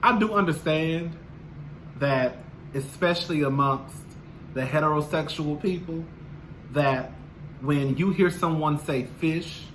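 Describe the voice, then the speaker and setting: A man vlogging casually to camera, sassy and expressive, calling his listeners "girl". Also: on the high side, slow pace, long pauses, slight background noise.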